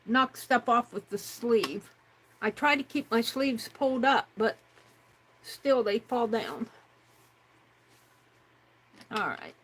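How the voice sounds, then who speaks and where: Slow-talking woman chatting while crafting. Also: on the high side, animated, a bit bright, slight background noise, rough recording. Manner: chatty, talks to herself while working, reads chat aloud. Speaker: crafting livestream host. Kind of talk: casual crafting livestream chat.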